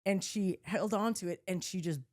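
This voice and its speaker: A woman's voice: mid-range voice, moderate pace. A woman podcast host telling a story in casual chat, acting out what people said, swearing and laughing often. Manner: animated, acts out quotes, swears, laughs often.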